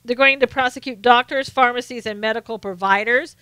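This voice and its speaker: A woman's voice: on the high side, fairly quick, sharp tone, clear, resonant tone, no echo. A woman from the South, hosting a casual live stream, chatting to viewers and often laughing. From American South. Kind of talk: casual political chat reading viewer comments.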